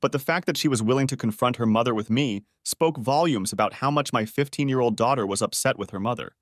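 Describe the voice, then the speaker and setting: A man narrating a dramatic first-person story in a lively storytelling manner. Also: medium pitch, fast, no echo, clean studio sound.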